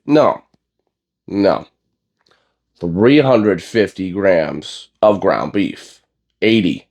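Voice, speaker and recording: A man's voice: low-pitched, expressive, slow pace, creaky, pauses often, darkish tone. A young man on a bodybuilding vlog talking casually, blunt and profane, rambling with lots of fillers. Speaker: bodybuilding vlogger. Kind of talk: casual gym vlog rant.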